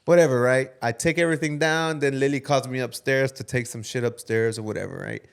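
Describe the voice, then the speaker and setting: A man's voice: medium pitch, steady tone, a little fast, creaky, smooth. A man co-hosting a podcast, telling a story in a loose, casual way with some swearing. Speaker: podcast co-host. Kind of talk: casual chat.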